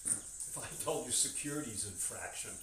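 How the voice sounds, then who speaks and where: A man's voice: mid-range voice, animated, moderate pace, a bit bright. An older man with a nasal voice chatting in a blunt, crude, rambling way in a barn on a farm. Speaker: farm owner chatting on stream. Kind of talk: casual chat. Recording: echoey barn, picked up from far off, with noise.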